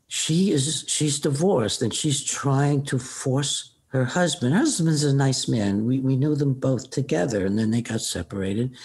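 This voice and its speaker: A man's voice: mid-range voice, gravelly, darkish tone, slightly rough. An older man, a psychiatrist, frankly telling stories about cases he has seen. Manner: retells cases, quoting patients in his own voice; frank, opinionated. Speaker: psychiatrist guest. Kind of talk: anecdotal storytelling.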